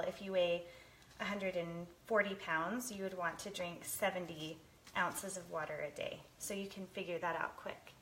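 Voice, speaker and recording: A woman's voice: mid-range voice, a bit bright, a little hiss or hum. Chatty woman hosting a live kitchen stream. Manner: chatty, reads viewer comments aloud, laughs often. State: teary from cutting onions. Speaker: lifestyle show host. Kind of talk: live cooking stream chat. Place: home kitchen.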